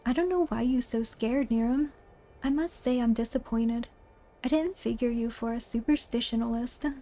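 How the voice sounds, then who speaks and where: A woman reading a rough-talking old thief. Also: a little high, normal speed, dark tone, lightly acted. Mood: dismissive. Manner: ungrammatical folksy thief talk. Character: rough-talking male thief, older, boastful.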